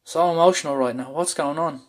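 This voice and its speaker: Speaking briskly with a voice on the high side, a man from Ireland recounts a panic attack he experienced. The storytelling is personal, frank, and intense, with plenty of swearing.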